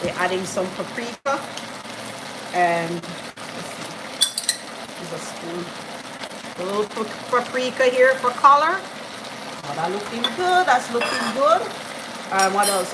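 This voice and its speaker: A woman hosting a live cooking stream, chatting enthusiastically with viewers as she adds ingredients in her home kitchen. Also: medium pitch. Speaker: cooking channel host. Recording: home kitchen noise with sizzling pan. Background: frying and sizzling food.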